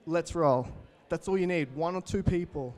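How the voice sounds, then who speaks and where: A young Australian man in his twenties gives an energetic motivational keynote talk, telling stories and addressing the audience directly. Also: high-pitched, brisk. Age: 20s. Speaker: keynote speaker.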